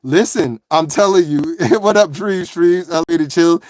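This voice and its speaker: High-voiced man chatting on a live stream. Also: normal speed, dry recording, clean studio sound. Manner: playful, animated, laughing, greeting chat. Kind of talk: casual live-stream chat.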